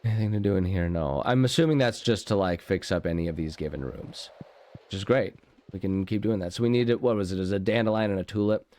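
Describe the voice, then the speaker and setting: A man's voice: fairly low pitch, quick pace, a little mellow, no room sound. A man hosting a casual gaming video, rambling and goofy as he plays and interrupts himself often. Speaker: gaming channel host. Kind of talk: casual let's play commentary. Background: game music.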